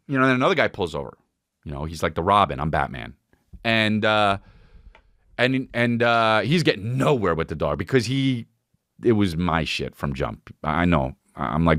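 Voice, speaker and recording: Animated man telling a crude comic story. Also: lowish voice, normal speed, no echo, studio quality. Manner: animated, crude, jumps into goofy character voices. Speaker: podcast host. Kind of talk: comedic storytelling monologue.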